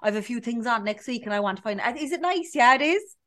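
Bright high-voiced Irish woman chatting. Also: animated, fast talker. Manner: chatty, tells stories acting out others' lines. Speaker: podcast co-host. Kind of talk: casual chat.

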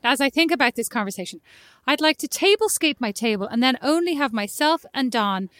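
A woman in her thirties, from Ireland, co-hosting a podcast and chatting casually, telling animated stories. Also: sits high, a little fast, dry recording, studio quality. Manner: animated storytelling, acts out her child's lines. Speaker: podcast co-host. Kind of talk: casual chat.

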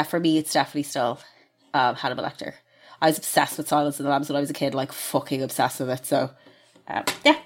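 A woman hosting a casual chat, reading out listener questions, chatty and laughing often, swearing freely. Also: low-pitched.

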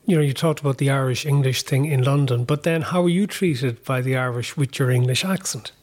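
A man's voice: medium pitch, brisk, a little mellow. Guy hosting an interview, medium voice, easygoing long questions. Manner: conversational, long framing questions. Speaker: podcast host.

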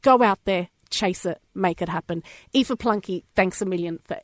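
A woman's voice: on the low side, normal speed, no room sound, clean studio sound. A woman with an Australian accent hosting a radio show, chatty and effusive. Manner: chatty and effusive, laughing often. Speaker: radio host.

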